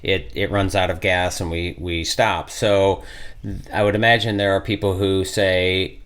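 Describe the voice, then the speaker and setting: A man's voice: low-pitched, fairly even intonation, unhurried, fairly bright tone. A middle-aged man hosting a podcast interview, talking conversationally and thinking aloud as he builds his questions. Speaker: podcast host.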